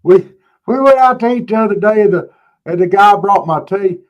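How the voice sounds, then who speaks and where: A man's voice: sits high, fairly quick, dull audio. A man, co-hosting a casual chat show and telling laid-back, joking stories. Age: 50s. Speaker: show co-host.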